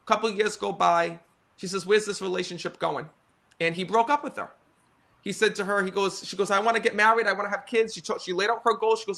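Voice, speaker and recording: Man, American accent, thirties, high voice, bright and forceful tone, earnest animated storytelling, talks straight to the audience. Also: fast, vocal fry. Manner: earnest, animated, talks to the audience with many "right?" and "you know". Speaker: psychic medium guest. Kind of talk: casual storytelling conversation.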